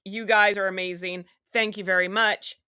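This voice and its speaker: A woman's voice: medium pitch, fairly even intonation, normal speed, sharp tone, clean tone, dry recording, clean studio sound. A woman hosting a casual live stream, talking in a sarcastic, rambling, chatty way. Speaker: online show host.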